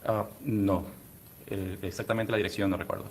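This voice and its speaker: Male trial witness, deep voice, rapid and hesitant. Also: steady tone, a little hiss or hum. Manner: hesitant, with "eh" fillers. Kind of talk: courtroom testimony.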